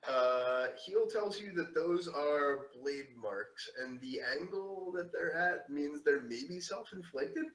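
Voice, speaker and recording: A man running a tabletop game as game master, rambling with many fillers and throat-clearing. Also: fairly high pitch, takes it slowly, hardly any pauses, fairly bright tone, echoey room, low-quality recording.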